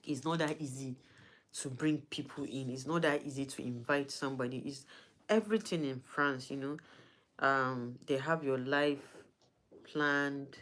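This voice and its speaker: A woman speaks straight to her followers in a personal vlog. She sounds weak and in pain, halting and emotional, often starting a sentence over before she finds her words. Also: a bass voice, a bit bright. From Nigeria. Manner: halting and emotional, with frequent restarts. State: in pain and weak from not eating. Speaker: vlogger.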